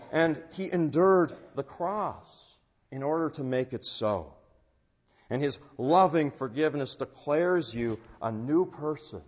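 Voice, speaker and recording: A man preaching a sermon in an earnest, unhurried way, rising in force on key phrases. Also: a little high, slightly rough. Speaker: pastor. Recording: dull sound with long church reverb.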